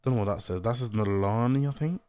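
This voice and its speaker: A young man reacting on a live stream. He repeats slang, gets excited, then trails off into mumbles. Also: lowish voice, fast talker, over a noisy crowd.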